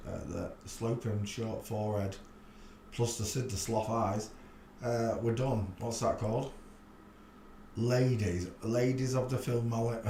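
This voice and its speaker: A man's voice: medium pitch, darkish tone. A man hosting a casual livestream, rambling and thinking aloud with crude jokes. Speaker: livestream host. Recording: echoey room, faint background noise.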